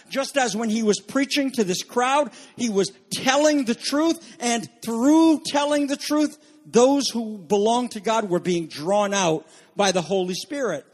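A man with a high voice preaches with urgency. He presses his points by repeating phrases, asks his listeners questions, and drops from loud warnings to low, quiet lines. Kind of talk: sermon.

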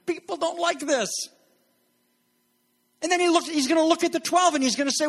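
Casting: middle-aged male pastor, high tenor, lively sermon delivery. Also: a little fast, creaky. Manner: animated, acts out quoted voices.

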